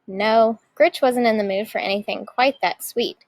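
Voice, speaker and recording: A woman teacher reading a picture book aloud with lively expression. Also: fairly high pitch, moderate pace, dry recording, low-quality recording.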